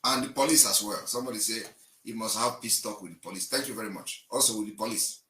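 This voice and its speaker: A man giving an impassioned political address, emphatic and declaiming, swinging between loud and quiet. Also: lowish voice, fast. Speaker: livestream broadcaster. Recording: echoey room, distant mic.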